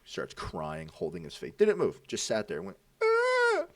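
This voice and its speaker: A young man, a podcast co-host, tells childhood stories in a low voice that swings wildly up and down as he acts out each person. He laughs often. He sits some way back from the mic in a dry room. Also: huge pitch swings, a little fast, dry recording, distant mic. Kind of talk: casual storytelling chat.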